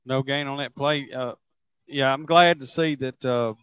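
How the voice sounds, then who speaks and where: A man giving color commentary on a high school football game in a folksy, halting way with plenty of fillers. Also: steady tone, clean tone, dry recording, lo-fi sound.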